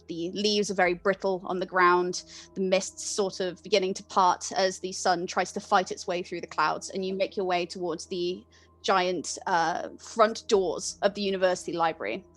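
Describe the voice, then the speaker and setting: A woman game master narrating a tabletop role-playing scene in a descriptive, relaxed way with frequent fillers. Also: lowish voice.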